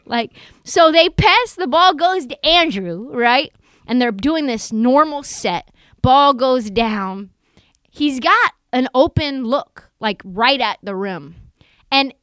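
Animated woman with a smooth higher voice. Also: no echo. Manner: animated, jokey, acts out quotes. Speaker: podcast co-host. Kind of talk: casual sports chat.

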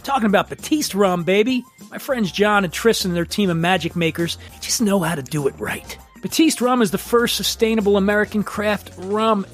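A man hosting a podcast and reading sponsor ads in a jokey, rambling, self-mocking way. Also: sits high. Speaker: podcast host. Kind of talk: casual ad read.

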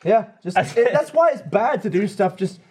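A man co-hosting a relaxed podcast chat. He rambles through his stories and laughs between his lines. His voice sits slightly high and moves a lot. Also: normal speed, husky. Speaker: podcast co-host. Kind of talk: casual chat.

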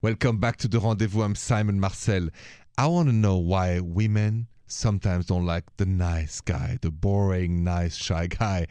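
A man's voice: sits low, fairly even intonation, normal speed, clear, resonant tone, no room sound. Middle-aged French-accented man, radio host, dry studio voice. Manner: warm, sprinkles French greetings, emphatic. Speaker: radio talk show host. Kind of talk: late-night radio call-in chat.

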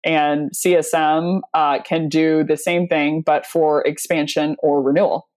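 A woman guest speaking casually on a sales podcast, telling stories with plenty of fillers and frequent laughter. Her voice sits a bit low. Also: flat delivery, a little slow, darkish tone. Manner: chatty, anecdotal, laughs often, many fillers. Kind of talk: casual conversational interview.

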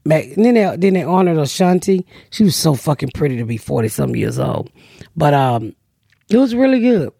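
Loud, profane woman telling stories. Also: deep voice, wildly swooping pitch, fairly quick, husky, no echo, clean studio sound. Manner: loud, profane, laughs often. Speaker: podcast host, comedian. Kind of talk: casual comedic storytelling.

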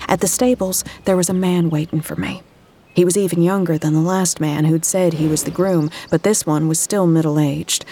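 A woman's voice: lowish voice, warm tone, slight background noise, close to an everyday voice. An actress playing a troubled female agent who narrates her own story in first person in an audio drama. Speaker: narrator and lead character.

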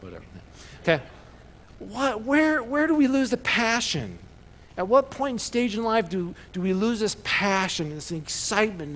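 A man preaching a sermon as a pastor, telling stories with bursts of loud excitement. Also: high voice, big-room sound.

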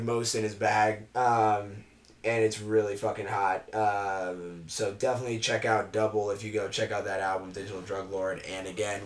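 A young man co-hosting a casual podcast, slangy and laid-back, with animated stories. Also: on the low side, roomy sound. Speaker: podcast co-host. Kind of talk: casual chat.

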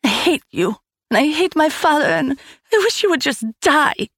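Woman voicing a bratty little girl, defiant, rude, high and lively voice, dry sound. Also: normal speed, gravelly, dry recording. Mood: screaming. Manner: shouting, rude.

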